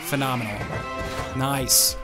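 A man giving let's-play commentary as he plays a game, excitable and talking to the game and himself in jumpy outbursts. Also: medium pitch, slow. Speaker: gaming YouTuber. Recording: game music playing under the voice. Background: game music.

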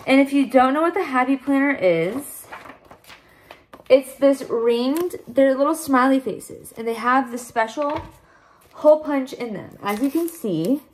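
A woman's voice: sits high, lively intonation, unhurried, slight background noise. A young woman chatting casually to the camera for her vlog, bubbly and rambling. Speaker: vlogger.

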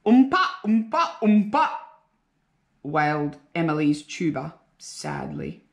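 A woman teacher reading a picture book aloud to young children, slow and expressive with a sing-song lilt. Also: low voice. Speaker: primary school teacher. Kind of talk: children's storybook read-aloud. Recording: roomy echo.

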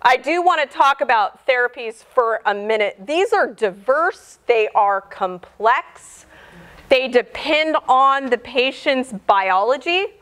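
A middle-aged woman biologist giving an informal public lecture, chatty and animated, acting out the dialogue she quotes. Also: sits high, takes it slowly.

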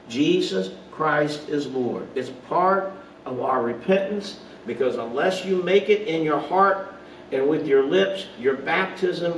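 A man's voice: fairly high pitch, distant mic, a little hiss or hum. Man preaching in an echoey room. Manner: earnest preaching with rhetorical questions, some slips and asides. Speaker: pastor. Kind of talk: online Bible study sermon. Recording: roomy echo, voice off-mic, faint ambience.

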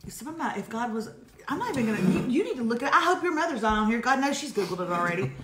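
A woman co-hosts a casual live advice chat, sassy and emphatic as she dishes out advice. Her voice sits a little high, and the room around her is echoey. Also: rapid-fire, noisy background. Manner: sassy, emphatic, animated storytelling. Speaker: co-host giving advice.

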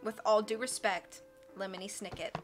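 A woman reading a book aloud on a live stream, with expressive narration and casual asides to her chat. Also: medium pitch, moderate pace, over music.

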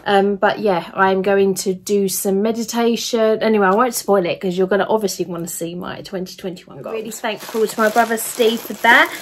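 A woman's voice: mid-range voice, fairly even intonation, fairly quick, few pauses. A young woman chatting casually and gushing over her gifts in a haul video. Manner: gushing, enthusiastic, chatty with fillers. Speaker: vlogger. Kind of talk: casual gift haul chat.

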